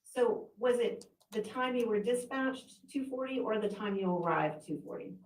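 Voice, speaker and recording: A woman prosecutor questioning a witness and raising formal objections in a courtroom, in a brisk manner. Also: a little high, animated, darkish tone. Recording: echoey courtroom audio from far mic.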